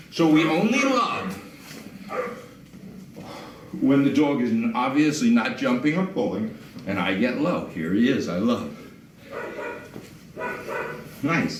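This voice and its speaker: Indoors at a house, a calm man demonstrates dog training, explaining things while giving the dogs short commands. His medium-pitched voice is lively, rising and falling as he talks. The mic is distant, so he sounds set back in an echoey room with steady background noise.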